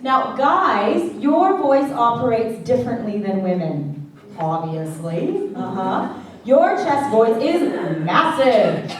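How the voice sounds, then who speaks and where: A woman's voice: fairly high pitch, big pitch swings, takes it slowly. Echoey woman coaching singers from afar. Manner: demonstrates by singing vocal exercises; chatty, playful teaching. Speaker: vocal coach. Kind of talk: worship singing class. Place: classroom or church hall. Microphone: handheld mic. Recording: echoey room from far off, faint background noise.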